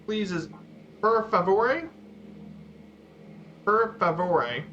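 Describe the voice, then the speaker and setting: A man streaming a flight simulator, giving a casual slideshow talk with halting, repeated words and fillers. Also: high voice, fairly bright tone. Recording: dull lo-fi stream audio with faint noise.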